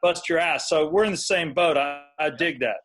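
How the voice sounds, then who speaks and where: Middle-aged male podcast host, high-pitched voice, joking and laid-back. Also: moderate pace, a bit bright, soft background music. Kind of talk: casual chat.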